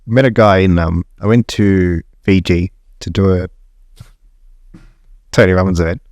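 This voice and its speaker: An Australian man with a fairly low voice, talking casually on a podcast. He laughs a lot and swears freely while telling stories. The sound is dry and close. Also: measured pace, no echo. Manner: laughing, swearing, animated storytelling. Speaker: podcast co-host. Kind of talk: casual chat.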